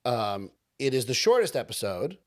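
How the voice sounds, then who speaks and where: A young man trades casual banter as a podcast co-host. He speaks in a mid-range voice, neither high nor low. He teases his partner with dry, deadpan jokes. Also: normal speed. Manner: dry, teasing humor. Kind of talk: casual chat.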